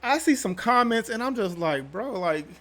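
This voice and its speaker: A man's voice: very high-pitched, very animated, moderate pace, a bit bright. A young man hosting his own channel, talking straight to his viewers in a slangy, rambling, casual way. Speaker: channel host. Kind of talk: casual vlog commentary.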